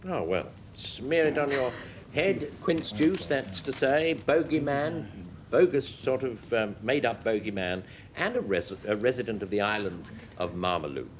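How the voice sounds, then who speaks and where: A man chairing a panel game show with a brisk, wry manner. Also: medium pitch, animated. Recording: noisy 1980s TV studio with audience.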